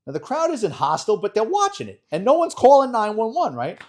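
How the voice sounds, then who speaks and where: A middle-aged retired police detective from New York, appearing as a podcast guest, tells a blunt, profane war story with plenty of animation and acted-out dialogue. His voice sits high and he talks briskly.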